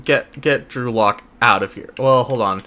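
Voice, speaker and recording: A man's voice: mid-range voice, unhurried, bright, forceful tone. Exasperated man calling his own gameplay. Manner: exasperated, sarcastic play-by-play with frequent restarts. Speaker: gaming YouTuber. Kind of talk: casual gameplay commentary.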